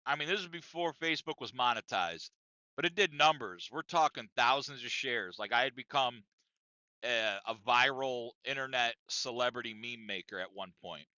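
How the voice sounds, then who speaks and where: Male podcast co-host, emphatic and profane storyteller, forceful tone, dry close mic, a bit lo-fi. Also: mid-range voice, moderate pace, dry recording. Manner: profane, emphatic, repeats himself. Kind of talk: casual storytelling rant.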